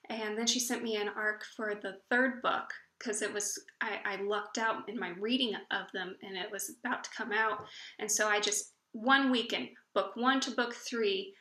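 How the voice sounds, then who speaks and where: A woman's voice: mid-range voice, bright, forceful tone. A woman book blogger chatting casually to camera, telling stories in a gushing way and often stumbling and restarting her sentences. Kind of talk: casual vlog chat. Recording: echoey room.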